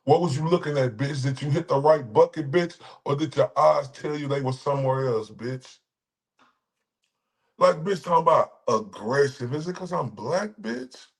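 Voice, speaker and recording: A man's voice: medium pitch, moderate pace. A man from Dallas streaming a reaction, ranting and mocking with heavy insults and repetition. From Dallas, Texas. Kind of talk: profane reaction rant.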